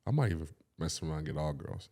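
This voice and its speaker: Deep-voiced young man, quick to laugh. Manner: animated reactions, laughs easily. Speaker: podcast co-host. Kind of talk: casual chat.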